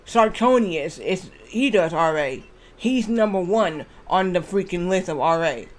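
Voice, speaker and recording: Male game streamer, higher-pitched voice, loose rambling delivery, curses casually. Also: expressive, measured pace. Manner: rambling, restarts, swears freely. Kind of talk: casual gameplay commentary.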